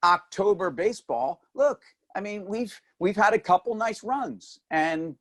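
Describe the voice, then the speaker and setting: A man's voice: high-pitched, animated, measured pace, fairly bright tone. A man co-hosting a finance show, teasing his partner in casual, wisecracking banter. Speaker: co-host.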